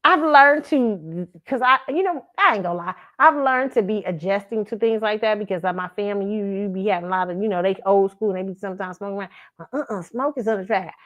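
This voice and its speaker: A woman hosting a casual pop culture commentary show, animated and laughing often, swearing freely and acting out her own reactions. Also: mid-range voice, fast. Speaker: host.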